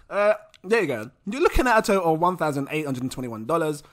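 A man's voice: a little high, sing-song, quick pace, hardly any pauses, fairly bright tone. A young British man hosting a casual crypto vlog, giggly and scattered and mocking himself. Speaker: crypto vlogger.

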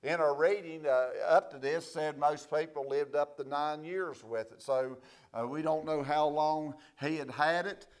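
Slow preaching man, higher voice. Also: fairly even intonation. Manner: slow, swells from quiet reading to loud preaching. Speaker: pastor. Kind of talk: sermon.

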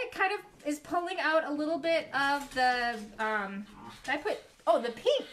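A woman hosting a live paint pouring demo from her home studio, chatting with viewers in a giggly, easily excited way. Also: high-pitched, normal speed, a little hiss or hum. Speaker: art studio host. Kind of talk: live craft demo chat. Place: home studio, dogs in the house. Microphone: live stream from a phone or camera.

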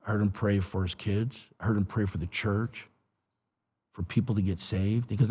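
A middle-aged man, a pastor, telling his testimony in an animated, street-talking way. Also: on the low side, moderate pace, husky. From Los Angeles area. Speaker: pastor and guest. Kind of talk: storytelling testimony.

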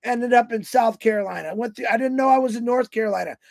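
A man's voice: extremely high pitch, fast talker, creaky, no room sound. A man in his fifties giving a rambling, folksy motivational talk on a livestream, telling road-trip stories. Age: 50s. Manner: folksy, storytelling, acts out quoted voices. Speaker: motivational speaker on a company livestream.

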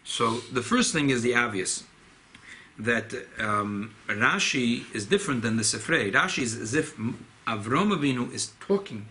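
A rabbi teaches a Torah class in a study hall, with a bright, ringing voice that swings widely in pitch. He talks in an emphatic, animated way and keeps repeating key phrases as he builds his argument. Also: unhurried, slight background noise.

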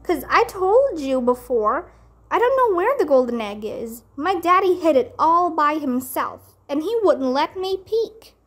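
A woman's voice: high voice, big pitch swings, unhurried. A woman voicing a spoiled, showy little rich girl in a storybook reading, with a whiny sing-song voice.

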